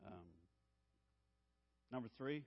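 A man's voice: mid-range voice, expressive, slow pace, in a large hall, lo-fi sound. A man preaching a sermon as pastor, emphatic, repeating key phrases and calling out to the congregation for responses.

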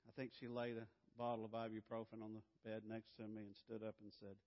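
A man telling a personal story to an audience, dramatic and swinging from loud to hushed. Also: on the low side, completely flat delivery, quick pace. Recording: dull, echoey hall recording.

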